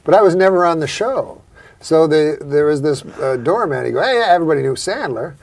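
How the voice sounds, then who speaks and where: Deadpan gravelly-voiced male comedy host. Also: fairly high pitch, fairly quick. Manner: deadpan, rambling and profane. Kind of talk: casual comedic chat and storytelling.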